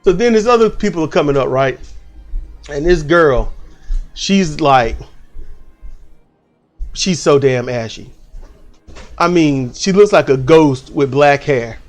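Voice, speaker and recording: A man telling a story at home in a casual, animated way, swearing freely and acting out the people he quotes. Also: a little high, slow pace, long pauses, faint music behind. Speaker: channel host.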